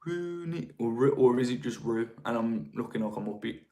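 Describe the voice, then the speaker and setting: A man's voice: medium pitch, lively intonation, normal speed, mellow, faint music behind. A young man hosts a live stream in an easygoing, informal way. He drops slangy asides to his viewers as he talks. His voice sits in a middle register. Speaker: live-stream host on marketing. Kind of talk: casual live-stream talk, reading viewer chat.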